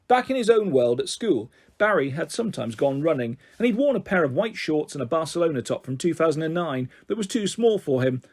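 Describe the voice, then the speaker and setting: A man reading a children's book aloud, expressive and animated. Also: a little high. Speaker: narrator. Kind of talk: audiobook reading.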